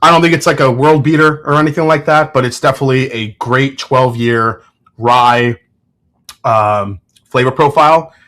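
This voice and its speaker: A man hosting a casual livestream, talking in a relaxed, rambling way and reading viewer comments aloud, with plenty of fillers and restarts. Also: mid-range voice, normal speed. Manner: frequent fillers and self-corrections. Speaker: whiskey reviewer and channel host.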